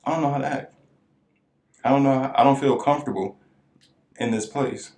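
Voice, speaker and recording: A man co-hosting a podcast, telling a story in casual chat and acting out the people in it. His voice cracks high now and then. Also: brisk, echoey room. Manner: animated storyteller who acts out quoted voices. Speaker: podcast co-host.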